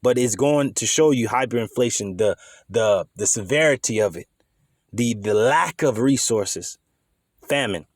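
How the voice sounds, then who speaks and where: A man's voice: medium pitch, animated, measured pace, no room sound. Dry, close-miked man teaching scripture. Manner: emphatic, conversational, swears casually. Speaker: bible teacher.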